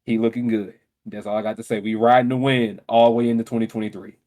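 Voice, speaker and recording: A man co-hosting a gaming podcast, chatting casually and telling stories in an excitable, animated way. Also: on the low side, quick pace. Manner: excitable, animated storytelling with laughs. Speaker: podcast co-host. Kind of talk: casual chat.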